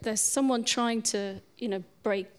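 A woman's voice: a little high, steady tone, measured pace, darkish tone, clean tone. A woman co-hosting a casual film discussion, thoughtful and analytical.

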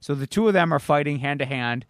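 Retelling a comic-book story on a podcast he co-hosts, this man rambles casually, swearing, restarting and piling on fillers. He talks fast in a slightly high, animated voice, with clean studio sound and no echo.

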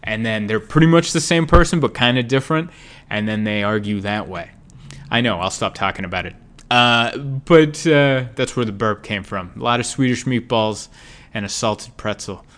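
A man's voice: on the low side, moderate pace, fairly bright tone. A man hosting a podcast, talking in a casual, rambling monologue that drifts off topic with wry, self-deprecating humor.

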